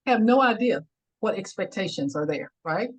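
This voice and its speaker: A woman trainer talks on a webinar over a video call. She speaks in an emphatic, encouraging way, like a teacher. Her voice sits at a middle pitch for a woman. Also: animated, normal speed, slightly rough, rough recording. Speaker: communication trainer. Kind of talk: webinar discussion.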